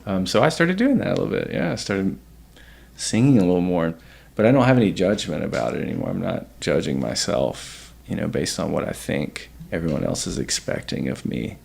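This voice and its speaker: A man talking casually as a podcast guest, reflective and halting, restarting his sentences often. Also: sits low, lively intonation, vocal fry, a little mellow, husky. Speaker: podcast guest, host's partner. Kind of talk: casual conversation.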